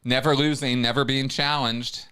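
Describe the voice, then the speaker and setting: Heller, klarer Gastgeber, weitschweifig. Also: male voice, mid-range voice, steady tone, normal speed, bright, forceful tone, clear, resonant tone. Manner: rambling, many restarts. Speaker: host. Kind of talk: casual livestream chat.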